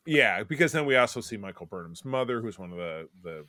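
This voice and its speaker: A man in his forties chats casually as a podcast co-host. His slightly low voice rambles through tangents, full of restarts and loose asides. The sound is dry and close, with no room around it. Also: expressive, brisk, sharp tone, no echo. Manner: rambling, digressive, many restarts. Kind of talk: casual chat.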